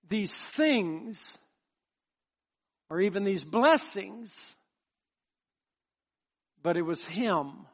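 Preaching a sermon in a strikingly high voice, a man builds a repetitive, rising cadence. He weaves his own personal testimony into the message.

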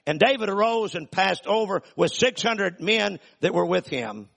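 An older man preaches in a folksy, emphatic style, stretching some phrases out and punching others loud. His voice is gravelly and a bit husky, pitched somewhat high for a man. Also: animated, moderate pace. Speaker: pastor. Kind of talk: sermon.

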